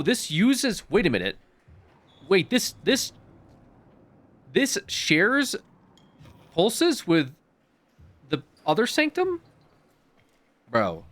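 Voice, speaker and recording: A man's voice: on the high side, a bit bright, no echo. A young man giving casual commentary while streaming a game, often exasperated and swearing.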